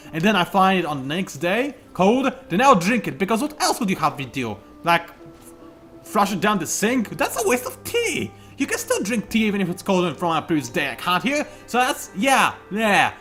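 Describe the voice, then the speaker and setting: A man's voice: high voice, fairly bright tone. A young man giving casual, self-mocking commentary while playing a strategy game, with sudden outbursts at his opponents. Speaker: gaming YouTuber.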